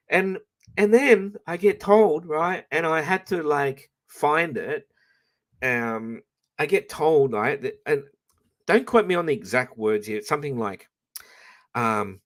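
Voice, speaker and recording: A man's voice: fairly high pitch, animated, unhurried, a bit bright. An Australian man ranting casually to his live-stream audience, blunt and profane, rambling with frequent restarts.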